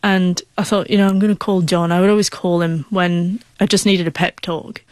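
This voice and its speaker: A woman's voice: lowish voice, fairly even intonation, moderate pace, no room sound. A young woman with a stutter, telling a heartfelt personal story as an interview guest, sometimes getting emotional.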